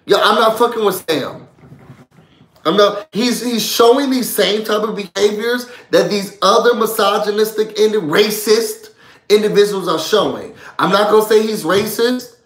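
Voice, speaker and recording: A man's voice: high voice, moderate pace, a bit bright, echoey room. A man hosting a live reality-show recap, ranting heatedly with lots of profanity. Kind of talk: live stream rant.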